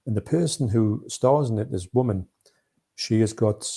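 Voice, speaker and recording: A man's voice: on the low side, moderate pace, gravelly, warm tone, slightly rough. A man co-hosting a live movie chat, rambling and chatty, reading out viewer comments. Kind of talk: casual live-stream chat.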